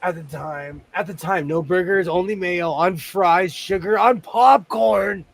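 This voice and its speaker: A man's voice: a little high, fairly even intonation, a little slow, a bit bright. A man from Los Angeles chatting casually as a host, rambling through stories with many restarts. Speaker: sewing show host. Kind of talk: casual chat.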